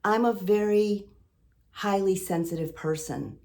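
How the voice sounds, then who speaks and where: A woman's voice: mid-range voice, unhurried, mellow. A middle-aged woman vlogging a heartfelt motivational monologue, earnest and emotional, repeating phrases for emphasis. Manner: earnest, emotional, full of sailing metaphors. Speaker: lifestyle vlogger.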